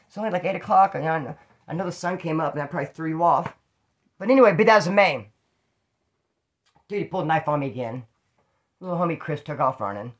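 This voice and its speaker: A man's voice: a little high, lively intonation, quick pace, pauses often. A man telling rambling, slangy, profane stories in a casual monologue. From California. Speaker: storyteller about prison life.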